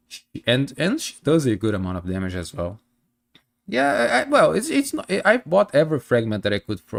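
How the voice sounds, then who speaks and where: A man streaming casually, speaking English as a second language with a stuffy blocked nose, chatting to his viewers with many fillers and restarts. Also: mid-range voice. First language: not English.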